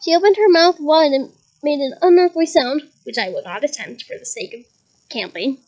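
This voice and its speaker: A woman reads a novel aloud to her listeners with a lively touch, chuckling now and then and adding side comments. Her voice sits high. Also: moderate pace, dull audio. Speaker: reader.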